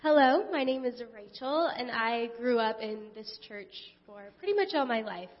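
A woman's voice: a little high, animated, moderate pace. A woman giving a short, hesitant testimony in church. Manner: hesitant, with fillers. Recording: muffled and distant in a reverberant hall.

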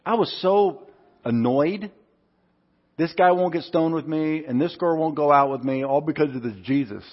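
Pastor with a husky voice, echoing hall. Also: male voice, on the high side, normal speed. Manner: storytelling with acted-out quotes. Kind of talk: sermon. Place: church hall. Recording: muffled sound in a reverberant hall.

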